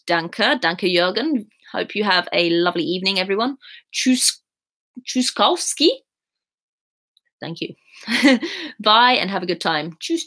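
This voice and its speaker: Here a young woman from England chats on a live stream, reading viewer comments with giggles and a sing-song lilt. Her pitch is medium and her tone fairly bright.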